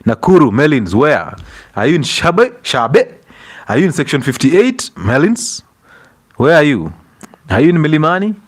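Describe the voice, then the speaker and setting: A man's voice: fairly high pitch, very animated, normal speed, slightly rough. A young Kenyan man hosting a casual livestream, greeting viewers by name, breaking into Swahili and laughing often between stories. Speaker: livestream host.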